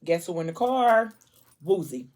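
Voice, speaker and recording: A woman's voice: on the low side, sing-song, a little slow, darkish tone. A woman vlogger chatting casually at home over a snack, retelling a story with lots of "like" and asides. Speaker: vlogger retelling a book's plot. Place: at home, eating a fruit tray.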